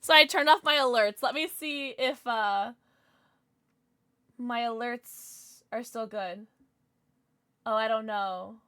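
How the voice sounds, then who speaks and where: A woman streaming a game live, chatting with her viewers in a bubbly, excitable way, sometimes mumbling, sometimes shouting. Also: a little high, takes it slowly, pauses often, dry recording, clean studio sound. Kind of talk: live gaming stream chat.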